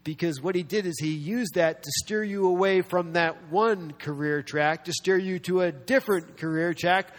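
A man preaching a sermon with a slightly raised pitch, animated and quick to act out the people he quotes. His voice carries a long reverb from a large hall. He mixes in self-deprecating humor. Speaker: pastor.

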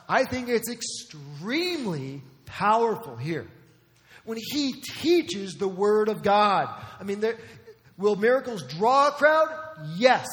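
A man's voice: high-pitched, fairly bright tone, long reverb tail. A man preaching a sermon as pastor, emphatic and conversational, asking the crowd rhetorical questions.

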